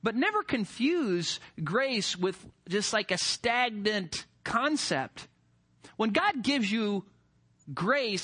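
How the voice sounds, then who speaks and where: A male preacher giving a sermon with animated emphasis and rhetorical questions. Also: high voice, slow pace, husky.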